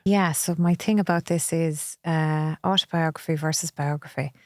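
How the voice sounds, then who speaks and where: Irish woman, lowish voice, candid reflection. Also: steady tone, normal speed, no room sound, clean studio sound. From Ireland. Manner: reflective, candid, often acts out quoted voices. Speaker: podcast guest. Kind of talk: conversational interview.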